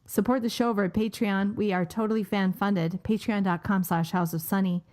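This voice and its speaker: A woman hosting a podcast, animated and laughing easily as she tells a long joke. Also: mid-range voice, brisk. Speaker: podcast host. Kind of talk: casual chat and joke telling.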